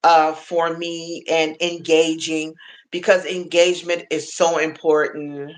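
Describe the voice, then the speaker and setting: A woman's voice: sits low, level tone, slow pace. A woman in her forties chatting casually on a livestream, motherly and affectionate, laughing often and talking to viewers by name. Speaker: livestream host.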